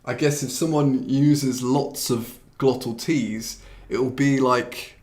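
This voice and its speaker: A man, teaching pronunciation in a relaxed, chatty live stream, often restarting his sentences and swearing mildly at his computer. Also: medium pitch, slow. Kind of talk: live-streamed lesson, answering viewer comments.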